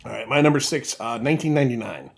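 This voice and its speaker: A man guesting on a podcast, swearing freely as he gushes about movies. His voice is at an ordinary middle pitch. The talk is loose and conversational. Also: animated, quick pace, creaky, slightly rough. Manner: profane, enthusiastic opinions. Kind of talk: casual chat.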